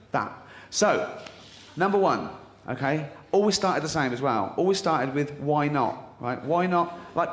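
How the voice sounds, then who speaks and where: A man's voice: mid-range voice, a bit bright. A man performing a stand-up routine to a live audience, incredulous and mocking, with plenty of swearing. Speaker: stand-up comedian. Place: theatre stage, live audience. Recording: echoey venue with crowd noise.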